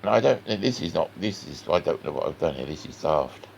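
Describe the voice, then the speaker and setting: A man's voice: very deep voice, lively intonation, fairly quick, creaky, muffled recording, slight background noise. A man with a West Country accent, chatting in a rambling, folksy way to the viewer while he draws. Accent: West Country English. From West Country of England. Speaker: cartoon artist. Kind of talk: chatty drawing tutorial.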